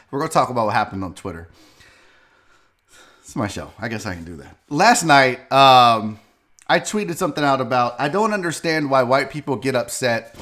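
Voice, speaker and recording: A man's voice: medium pitch, a bit bright. A man hosting a live sports show, rambling and swearing loosely as he drinks on air. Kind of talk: loose live-stream talk.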